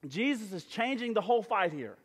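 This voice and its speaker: A man with a notably high voice delivers a sermon from the stage of a church sanctuary, speaking conversationally and often restarting his sentences with fillers. His voice carries into a long, lingering hall reverb. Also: very animated, brisk, husky. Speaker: pastor.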